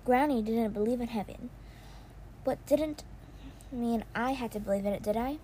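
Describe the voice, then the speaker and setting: A woman reading a first-person children's novel aloud, soft and wondering, with small slips. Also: a little high, moderate pace, slight background noise. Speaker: audiobook reader. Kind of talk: first-person storybook narration.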